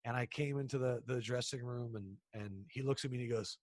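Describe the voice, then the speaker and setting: A sports broadcaster in his thirties, telling stories in a casual interview, animated and acting out the people he quotes. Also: medium pitch, quick pace, dry recording. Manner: animated, acts out quoted people, frequent restarts.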